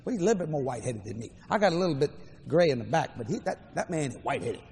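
An older man preaching a storytelling sermon in a large hall, animated and playful with dramatic swings. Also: fairly high pitch, rapid-fire, gravelly, slight background noise. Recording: echoey hall, faint crowd ambience.

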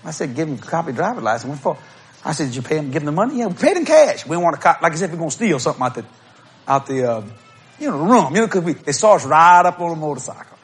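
A middle-aged man preaching a humorous storytelling sermon, acting out quotes and bursting into shouts and laughter. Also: fairly high pitch, big pitch swings, very fast.

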